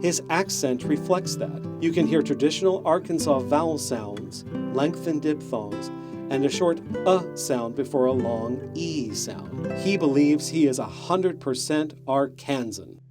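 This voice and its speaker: A man reading scripted documentary narration in a measured, explanatory tone. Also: on the high side, animated. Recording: narration over guitar music.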